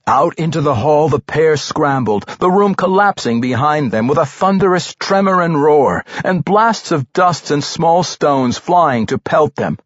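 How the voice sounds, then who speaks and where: A man reading a fantasy novel aloud as an audiobook narrator, with a dramatic, expressive delivery. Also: a little high, measured pace, few pauses, no echo. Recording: dry, slightly dull studio recording.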